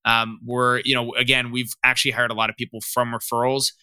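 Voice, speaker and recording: A man's voice: mid-range voice, little pitch movement, fairly quick, bright, forceful tone, clean tone, no room sound. A young adult man, a startup founder, talking openly on a podcast and padding his sentences with "you know.". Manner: rambling, frequent "you know" fillers; open, candid. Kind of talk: casual podcast interview.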